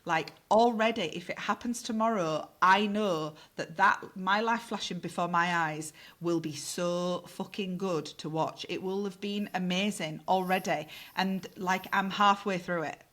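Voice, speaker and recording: A middle-aged woman tells a story on a podcast in a fairly low voice. She talks in a lively, unguarded way and swears freely. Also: a little slow, hardly any pauses. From north of England. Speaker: podcast guest. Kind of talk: casual storytelling.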